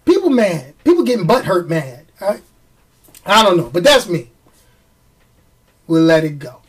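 A man with a New York accent chatting casually to camera as a movie vlogger, emphatic and repetitive, laughing at himself and jumping up in pitch when worked up. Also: sing-song, unhurried, breathy edge. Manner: chatty, emphatic, repeats phrases for effect.

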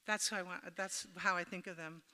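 A woman's voice: lowish voice, fairly even intonation, brisk, sharp tone. A middle-aged woman giving an informal devotional talk at a church gathering, chatty and humorous, telling personal stories and speaking straight to her listeners. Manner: chatty and humorous, addresses the audience directly. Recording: reverberant hall.

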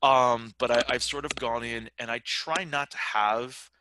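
A man's voice: medium pitch, fairly even intonation, measured pace, background noise. A middle-aged man talking as a podcast guest in a chatty, rambling way, with lots of fillers and restarts. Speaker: podcast guest, writer and game developer. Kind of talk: casual interview chat.

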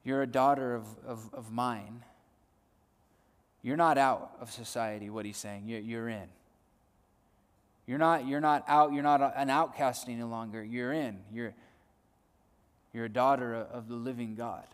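A male preacher giving a sermon, swinging between loud emphasis and soft hushed lines, often repeating words as he builds a point. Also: mid-range voice, steady tone, normal speed, smooth. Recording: long hall reverb.

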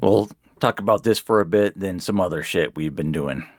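A man's voice: sits low, moderate pace, no room sound, clean studio sound. A man hosting a casual podcast, laid back and hesitant with many ums and uhs. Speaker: podcast host.

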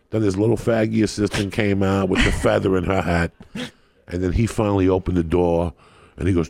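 Man, deep, gravelly, husky, profane storyteller, acts out the people in his story. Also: fairly even intonation, fairly quick, darkish tone, dry recording. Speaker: guest comedian. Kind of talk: storytelling on a podcast.

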